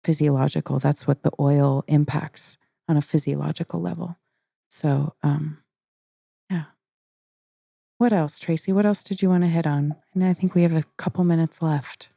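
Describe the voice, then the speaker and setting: Female podcast host, low mellow voice, casual talker. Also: moderate pace, vocal fry, no room sound, clean studio sound. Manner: relaxed, storytelling. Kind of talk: casual conversation.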